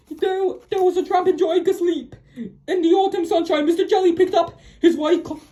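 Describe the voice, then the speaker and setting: An AI-generated voice narrating a children's storybook, halting often and restarting words. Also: very high-pitched, dark tone. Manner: halting, with many restarts and stumbles. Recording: dull lo-fi AI voice audio.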